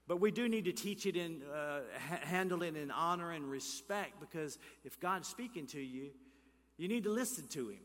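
Male pastor mid-sermon, bright, slightly high voice, call-and-response with the room, church hall echo. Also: normal speed. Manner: preaching with swings between loud emphatic calls and hushed near-whispers; asks the congregation questions and leads call-and-response. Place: church sanctuary.

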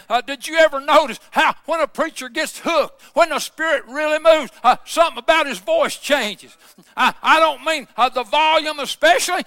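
High, bright-voiced fervent preaching man. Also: dry recording, clean studio sound. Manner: impassioned preaching that swells into shouts, many "uh" fillers. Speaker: pastor. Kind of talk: fervent sermon.

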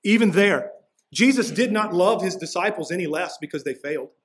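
A man's voice: high-pitched, lively intonation, a little fast. A man preaching a sermon as pastor, walking through a passage in a casual, conversational way with slangy asides.

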